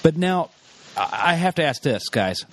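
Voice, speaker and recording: A man's voice: fairly high pitch, sing-song, moderate pace. A man hosting a podcast, chatting casually and asking his guests questions. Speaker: podcast host.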